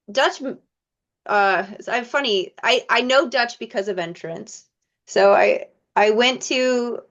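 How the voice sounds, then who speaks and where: A woman actress from Michigan chatting in an interview, telling lively stories and acting out the lines of other people. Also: mid-range voice. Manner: animated storyteller, acts out quoted dialogue. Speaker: actress guest. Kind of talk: casual interview chat. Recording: muffled lo-fi audio.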